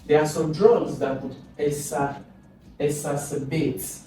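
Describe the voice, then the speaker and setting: With a mellow, slightly high voice, a male exam tutor teaches slowly and pauses often, walking through each step, repeating words, and asking questions aloud. His recorded lesson is captured by a distant mic in a very echoey, noisy room, with faint music behind.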